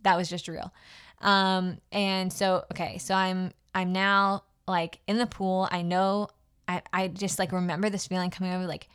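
A woman's voice: fairly low pitch, level tone, normal speed, fairly bright tone, clear, resonant tone. A young adult woman hosting her own podcast, telling a personal story in a casual, heartfelt way with many fillers and restarts. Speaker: podcast host.

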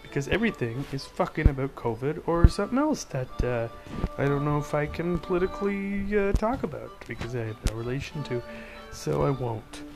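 A man's voice: fairly high pitch, lively intonation, fairly quick, gravelly, rough recording. Male host, loose sarcastic rambler, thinks aloud with lots of restarts, faint music underneath. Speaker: podcast host. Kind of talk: casual rant about news.

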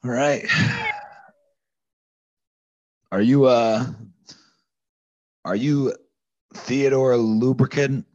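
A man's voice: mid-range voice, fairly even intonation, slow pace, mellow, no echo, pitched above the performer's own voice, lightly acted. A man playing a pushy, bombastic male army recruiter who speechifies and then turns threatening. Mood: pompous. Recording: dull lo-fi audio.

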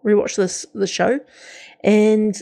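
A woman co-hosting a casual podcast, talking with eager enthusiasm and frequent restarts. Her voice is warm and mellow rather than bright. She sits at a medium pitch. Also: steady tone, slow pace, gravelly. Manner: enthusiastic, chatty, many restarts. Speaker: podcast co-host. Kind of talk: casual pop-culture chat.

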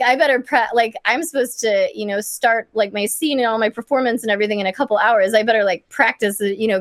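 Young woman, from Kansas, bubbly, rambling with fillers, bright-ish pitch, dry recording. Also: no echo. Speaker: guest performer. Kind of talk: casual storytelling.

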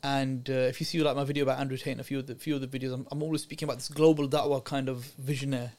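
Man, podcast guest, earnest storyteller, slangy, mid-pitched voice. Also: flat delivery, very fast, darkish tone. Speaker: podcast guest, youth worker. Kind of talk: casual chat, storytelling.

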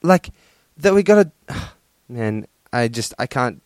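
A man's voice: mid-range voice, sing-song, slow, no echo. A young man hosting a casual solo podcast from his room at home, swearing often, laughing and using lots of fillers while sunburnt and hot. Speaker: podcast host.

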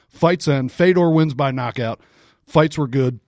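A man co-hosting a podcast, telling a story in a casual, profane, animated way with frequent laughs. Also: mid-range voice, normal speed, dry recording, studio quality. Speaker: podcast co-host.

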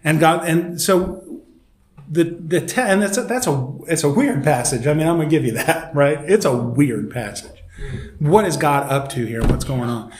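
In an echoey church room full of group chatter, a man with a somewhat high voice leads a Bible study at a normal speed. He teaches casually and animatedly, laughing often and acting out quotes during the discussion. A little hiss or hum sits under the recording.

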